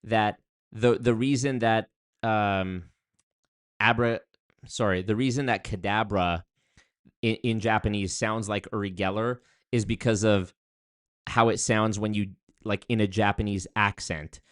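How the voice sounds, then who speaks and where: Young male streamer, lowish voice, loose rambling delivery full of fillers, casual chat. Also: unhurried, smooth, no echo, clean studio sound. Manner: rambling, animated, with many fillers and restarts.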